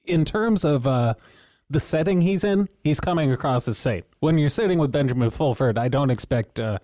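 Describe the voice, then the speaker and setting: A man's voice: on the high side, expressive, moderate pace, mellow, dry recording. Wry laughing man, dry close sound. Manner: wry, laughs often, hesitant restarts. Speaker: podcast co-host. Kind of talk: casual commentary.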